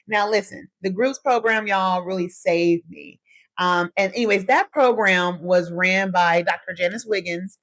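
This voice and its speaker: A woman's voice: mid-range voice, normal speed, dry recording. Chatty woman podcast host telling stories. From US Midwest. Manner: chatty, animated storytelling, addresses listeners as y'all. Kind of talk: solo podcast monologue.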